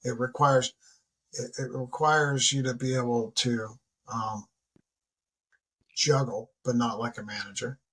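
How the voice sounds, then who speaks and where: A man of about sixty, a retired military leader, talking as a podcast guest in a lively, storytelling way, often acting out what people say. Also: husky. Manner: animated storyteller who acts out dialogue with big pitch jumps. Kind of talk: casual interview conversation.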